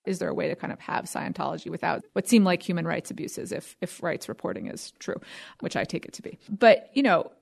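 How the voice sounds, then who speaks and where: A woman's voice: fairly low pitch, expressive, creaky, slightly rough. A woman on a discussion panel talking about a book, using "you know" and "um" often. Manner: quick, with "you know" and "um" fillers. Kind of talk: casual discussion.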